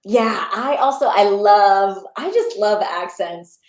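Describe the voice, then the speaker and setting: A woman's voice: mid-range voice, takes it slowly. Enthusiastic young woman in an echoey room. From Pakistani and Bangladeshi heritage. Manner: animated, enthusiastic, many fillers. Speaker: actor guest. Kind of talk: casual interview chat.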